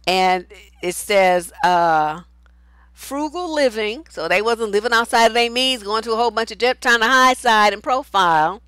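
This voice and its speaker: A woman's voice: a little high, moderate pace, a bit bright, clean tone, no echo. A woman relationship coach giving casual advice talk and answering viewer comments, blunt and outspoken, swearing freely.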